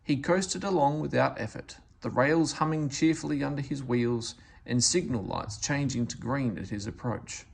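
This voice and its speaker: Gravelly, expressive male storybook reader. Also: mid-range voice, normal speed, few pauses. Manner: expressive, animated narration. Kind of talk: children's story read-aloud.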